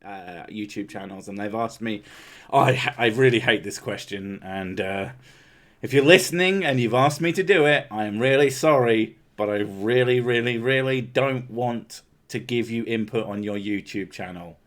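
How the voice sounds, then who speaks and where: A man's voice: medium pitch, normal speed. A man hosting a casual podcast chat, ranting and swearing freely. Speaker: podcast host.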